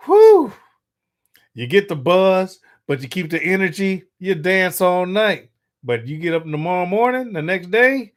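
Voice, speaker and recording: Middle-aged male livestream host with a slightly high voice. Casual, crude, quick to laugh, reads chat aloud. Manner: loose and joking, crude humor, laughs often; reads viewer comments aloud and answers them.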